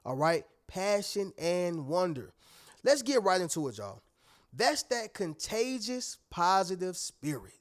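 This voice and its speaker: A man's voice: sits high, sing-song, a little slow. A man giving a motivational talk straight to his viewers, emphatic and preachy, often checking that they are following. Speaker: motivational speaker.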